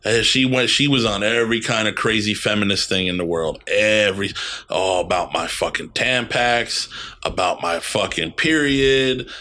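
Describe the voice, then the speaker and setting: A man's voice: fairly low pitch, normal speed, bright, forceful tone. A man in his thirties co-hosting a casual podcast, blunt and ranting, swearing freely. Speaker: podcast co-host. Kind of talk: casual profane chat.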